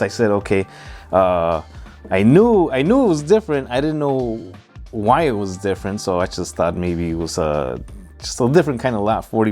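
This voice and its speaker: A man with a Hispanic American accent hosting a casual whiskey review vlog, talking in a relaxed, rambling way with many fillers. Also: on the low side. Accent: Hispanic American English. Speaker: whiskey reviewer, channel host.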